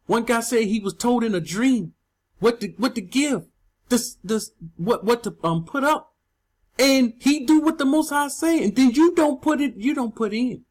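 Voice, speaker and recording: A man's voice: very high-pitched, animated, unhurried. A man preaching to his online channel audience, emphatic and scolding, repeating his points.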